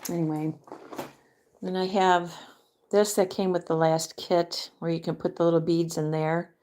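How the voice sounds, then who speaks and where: Middle-aged woman vlogger, lowish voice, unhurried, hushed casual chat while crafting. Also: level tone. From Michigan. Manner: soft-spoken, drifting into near-whispers.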